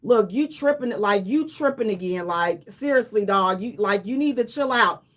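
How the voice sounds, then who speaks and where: Woman doing a deep-voiced blunt male buddy. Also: lively intonation, normal speed, fairly bright tone. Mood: stern. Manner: slangy, stern. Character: blunt male friend giving a talking-to.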